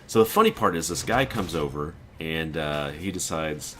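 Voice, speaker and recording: Guy with a deep low voice telling a story about his weekend, kinda exasperated, slight hiss behind him. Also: moderate pace. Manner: animated storyteller, quoting friends, exasperated asides. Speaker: gaming video creator. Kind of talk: casual storytelling.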